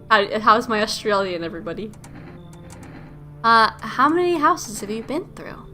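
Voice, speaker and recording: A playful woman commenting on a game during a livestream, joking and giggling. Her voice is bright and sharp, with faint music underneath. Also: on the high side, very animated, normal speed, long pauses. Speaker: streamer.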